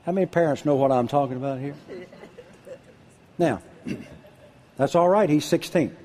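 An older man preaching a sermon, husky-voiced, dropping to a hush and then calling out loud. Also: on the high side, unhurried. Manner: animated preaching, drops to a hush then shouts out. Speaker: pastor.

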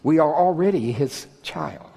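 A man's voice: fairly high pitch, lively intonation, a little slow, dark tone. A man in his sixties from Oklahoma preaching a sermon in a folksy, joking way that builds to emphatic peaks. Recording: husky voice in a large reverberant hall.

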